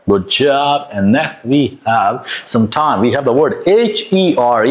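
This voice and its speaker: A man teaching pronunciation, sounding out words slowly with exaggerated, breathy H sounds and encouraging praise. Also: medium pitch, big pitch swings. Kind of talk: phonics lesson, modeling words slowly.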